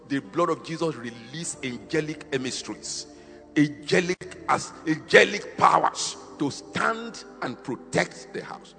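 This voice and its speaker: A man preaching a fiery sermon, swinging between shouted, half-sung peaks and quieter, slower stretches. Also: a little high, very animated, vocal fry, big-room sound, faint music behind.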